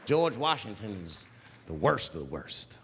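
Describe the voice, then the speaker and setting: A man performing a stand-up comedy routine on stage, talking in an animated way and jumping into loud put-on voices. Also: on the low side, measured pace, a crowd in the background, noisy background. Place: stage in a large hall. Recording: live hall recording, faint ambience.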